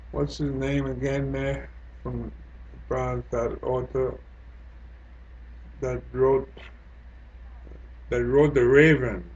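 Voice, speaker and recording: A man's voice: mid-range voice, a little mellow, muffled recording. A man talking in a loose, digressive monologue full of "like" and "you know" fillers, as a travel vlogger. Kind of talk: rambling monologue.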